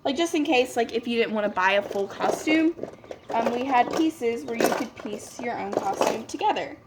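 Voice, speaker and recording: A woman's voice: a little high, expressive, normal speed, very noisy. Chatty young woman telling a story. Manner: chatty, lots of "like" fillers, quoting people in dialogue. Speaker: beauty vlogger. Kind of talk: casual storytime while doing makeup.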